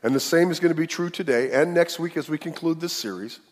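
A pastor preaches to his congregation, taking on the voices of the story's characters as he narrates. His voice is fairly high and fast, and the recording carries a long hall reverb.

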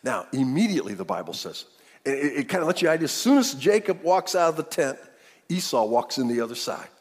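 A male pastor telling a story in a sermon, animated and acting out the characters. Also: medium pitch, quick pace, slightly rough. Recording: long hall reverb.

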